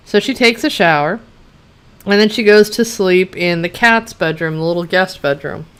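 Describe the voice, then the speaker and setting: A woman with a lowish, smooth and clear voice rants through a TV recap. Her tone is blunt and sarcastic, with freely dropped swear words. Chatty "you know" and "like" asides run all through her talk. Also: normal speed, a bit bright. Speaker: TV show reviewer. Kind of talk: casual rant recapping an episode.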